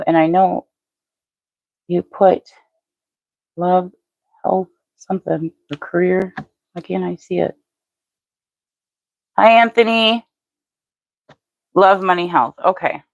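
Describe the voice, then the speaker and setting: Speaking to viewers by name, an older woman reads tarot on a live stream in a lowish voice with vocal fry. The audio is dull with no room sound, and her chatty delivery stays even and matter-of-fact.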